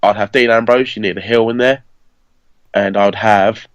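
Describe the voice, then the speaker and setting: A man's voice: on the low side, fairly even intonation, moderate pace, clean tone, no room sound, low-quality recording. A man, hosting a podcast and chatting casually as he rambles through a story and corrects himself along the way. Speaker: podcast host. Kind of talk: casual fantasy-booking chat.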